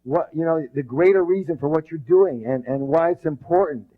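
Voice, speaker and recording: Male seminar leader, high-ish voice, energetic call-and-response, muffled lo-fi audio. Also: normal speed. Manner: energetic, drills the audience with rhetorical questions; emphatic, bursts loud when stressing passion. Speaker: motivational seminar speaker. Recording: dull lo-fi recording.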